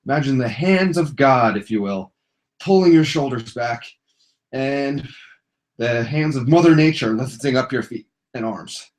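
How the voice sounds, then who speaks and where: A man's voice: medium pitch, animated, unhurried. A young man leading a casual yoga class on the floor, loose and jokey, with silly asides between his cues. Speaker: yoga instructor. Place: indoors on a floor.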